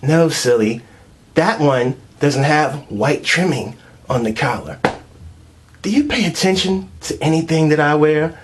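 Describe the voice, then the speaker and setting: A man voicing a pushy, bubbly young girlfriend who coaxes insistently in a high, wheedling tone. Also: lively intonation, unhurried, noisy background. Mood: gushing.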